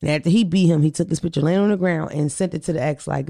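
A woman's voice: low-pitched, fast talker, vocal fry, dark tone. A woman from Philadelphia hosting a podcast in casual chat, blunt, profane and heated. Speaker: podcast host.

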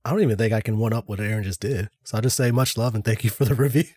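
A man's voice: fairly low pitch, very fast, a little mellow, no echo. A man co-hosting a podcast, reading reviews and joking in a laid-back, casual way. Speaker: podcast co-host.

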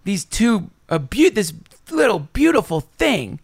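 A man's voice: sits high, big pitch swings, unhurried, gravelly, husky, dry recording, studio quality. A man talking casually as a podcast guest, swearing freely and swinging his voice up and down as he voices his own thoughts.

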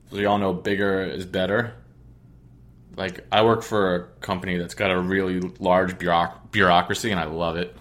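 A man's voice: fairly low pitch, fairly bright tone. A man hosting a sports podcast, chatting casually with a sarcastic, rambling, joking manner. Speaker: podcast host.

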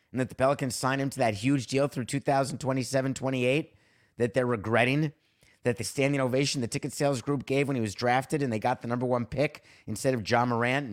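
A man hosting a sports podcast, ranting with sarcasm and indignant rhetorical questions. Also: mid-range voice. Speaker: podcast host. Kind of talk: sports talk monologue.

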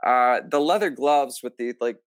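A man, a stage actor, telling a story in a casual interview, lively and acting out what others said, with lots of filler "like"s. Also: medium pitch, normal speed, clean tone, dry recording, studio quality. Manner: animated, acts out quoted lines; many filler likes. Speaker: musical theater actor, guest.

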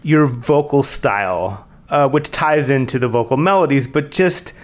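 A man, a podcast host, asking an interview question in a lively, inviting way. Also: medium pitch, a little slow.

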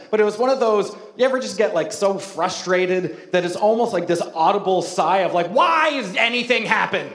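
A man's voice: high voice, echoey room. A man preaching a sermon as the pastor, telling a self-mocking story in a casual, humorous, conversational way.

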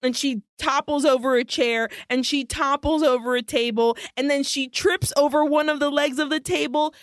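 A woman co-hosting a podcast, retelling a horror film plot in an animated, profane way. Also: high voice, moderate pace, dry recording. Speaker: podcast co-host.

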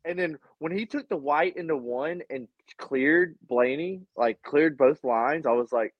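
Excitable man on a lo-fi remote line. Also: a little high, normal speed, few pauses, no room sound. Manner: excitable, profane storytelling. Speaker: podcast co-host. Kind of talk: casual chat. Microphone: AirPods. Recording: dull, lo-fi remote line that cuts out.

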